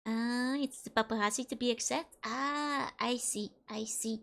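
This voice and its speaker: A woman's voice: on the high side, fairly even intonation, a little slow, creaky, fairly bright tone. A woman streaming a horror game live, playful and giggly, greeting her chat one by one.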